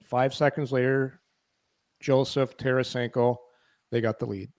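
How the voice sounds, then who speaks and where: A man co-hosting a hockey podcast, ribbing the others and telling animated stories in casual chat. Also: medium pitch, measured pace. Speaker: podcast co-host.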